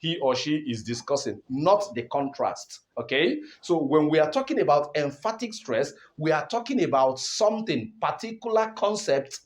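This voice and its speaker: A man teaching an online exam-prep lesson, explaining step by step, repeating points and checking in with "okay?". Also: a little high. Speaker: English teacher.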